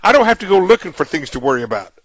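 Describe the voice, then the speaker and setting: A man's voice: a little high, very animated, very fast, no room sound. A man hosting a radio talk show, chatting folksily with a guest and often restarting his sentences.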